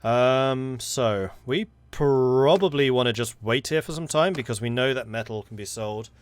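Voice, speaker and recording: A man's voice: mid-range voice, a little slow, clear, resonant tone, dry recording. A man chatting casually and thinking aloud as he plays a video game, poking fun at himself. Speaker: gaming YouTuber. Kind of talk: casual gameplay commentary.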